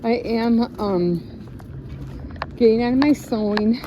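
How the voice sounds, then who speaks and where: A woman's voice: a little high, takes it slowly. A woman from the Chicago area vlogging casually on a walk with her dog, rambling and searching for words with lots of fillers. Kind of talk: casual vlog chat while walking. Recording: noisy outdoor phone recording.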